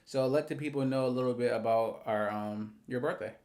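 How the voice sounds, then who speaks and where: A man's voice: mid-range voice, fairly quick, a little mellow. A man co-hosting a podcast in casual chat, joking and teasing his partner. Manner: joking, playful. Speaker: podcast co-host.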